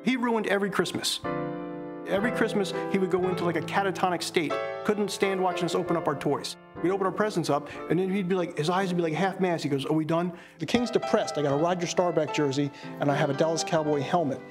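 A man from Maryland telling animated family anecdotes in a documentary interview, often mimicking his father's lines. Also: sits high, quick pace, over music. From Maryland, USA. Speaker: interviewee, son of the subject.

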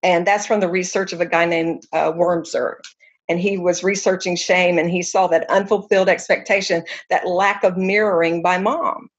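A woman's voice: fairly low pitch, fairly even intonation, moderate pace, muffled recording. A woman counselor, a guest, explaining in an earnest, conversational way and telling examples with animation.

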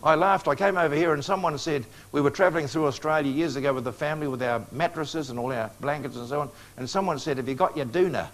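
A man's voice: on the high side, fast talker, hardly any pauses. A man preaching a prophecy lecture to a live audience, coaxing responses with questions and joking asides.

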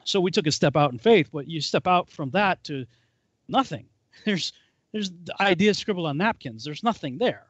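A man's voice: fairly high pitch, animated, moderate pace, dry recording, dull audio. A man on a panel call, casually telling a personal faith story and acting out quoted voices as he goes. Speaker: panel guest. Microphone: call audio.

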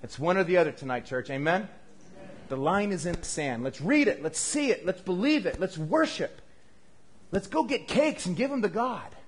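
A male pastor preaching to his church in an animated way, acting out the quoted exchanges. His voice sits a little above the usual pitch for a man. He jumps between loud, excited bursts and quiet, low asides. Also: normal speed, slightly rough. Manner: animated, acts out quoted dialogue with shifting pitch and loudness. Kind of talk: sermon.

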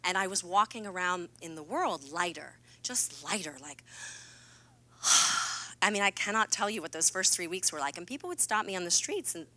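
A woman's voice: on the low side, lively intonation, moderate pace, sharp tone. A woman giving a keynote talk, telling personal stories in an earnest, confiding way with playful asides. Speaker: keynote speaker. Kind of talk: candid personal storytelling talk. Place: stage at a fireside keynote event.

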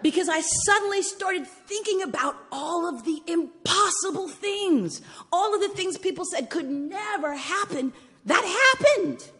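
A woman in her forties telling personal stories in a sermon, swinging between hushed whispers and loud exclamations. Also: very high-pitched, lively intonation, unhurried, in a large hall. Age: 40s. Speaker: guest preacher and storyteller. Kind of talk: storytelling sermon. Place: church sanctuary.

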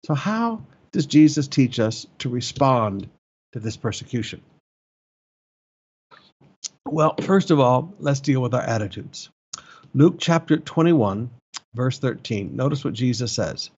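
A male pastor preaching a sermon, emphatic, with repeated phrases and sudden rises in pitch. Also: expressive, a little slow, pauses often, darkish tone, slightly rough, muffled recording.

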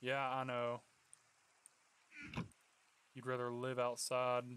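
A young man giving casual gameplay commentary, coaxing and pleading with his in-game pet, then bursting into excited yells. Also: mid-range voice, slow pace, slight background noise. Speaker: gaming YouTuber.

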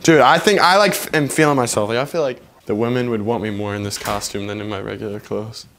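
A man's voice: on the low side, fast, a bit bright, soft background music. A brash young man vlogging and joking around in public, swearing casually as he talks. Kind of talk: casual vlog chat.

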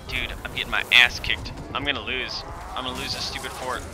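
A man streaming a video game, giving excitable commentary and yelling and groaning at what happens on screen. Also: mid-range voice, brisk, few pauses, a little hiss or hum. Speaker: gaming streamer. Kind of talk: live gameplay commentary.

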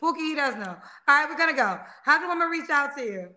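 Bright, high-voiced woman hosting a livestream. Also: quick pace. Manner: loud, blunt and animated storytelling. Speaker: livestream host. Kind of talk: casual live-stream chat.

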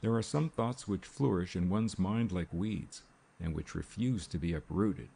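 A man voices a calm young woman speaking evenly and without emotion. The voice stays deep, dark, and gravelly in the style of an audiobook. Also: a little slow, heavily acted. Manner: calm, even.

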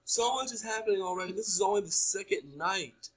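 A man's voice: sits high, animated, a little fast, fairly bright tone, low-quality recording. A man playing a horror game, chattering nonstop and jumpy as he talks his audience through it. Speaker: gaming YouTuber. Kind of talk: horror game let's play commentary.

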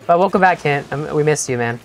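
A young man streaming a game live, talking to his teammates and chat in an excitable, stammering way that repeats itself. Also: fairly high pitch, brisk, soft background music. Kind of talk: live gameplay commentary.

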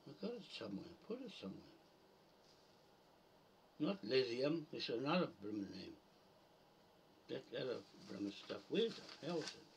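A man's voice: medium pitch, very animated, normal speed, gravelly, pauses often, distant mic, a little hiss or hum, poor audio. A man ranting and swearing as he rambles to camera, muttering to himself while he hunts for a note. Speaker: video poster.

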